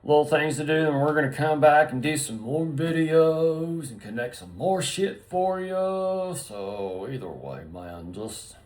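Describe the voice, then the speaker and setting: Speaking alone to his viewers, a man riffs through a profane, free-associating monologue full of stream-of-consciousness wordplay. His voice runs on the high side with lively intonation, unhurried but with few pauses.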